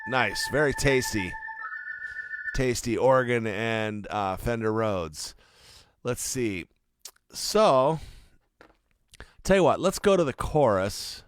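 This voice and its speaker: Laid-back producer with a lively voice. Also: male voice, medium pitch, takes it slowly, long pauses, background noise. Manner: laid-back, chatty, friendly tour of a mix. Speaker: music producer. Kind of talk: casual studio walkthrough.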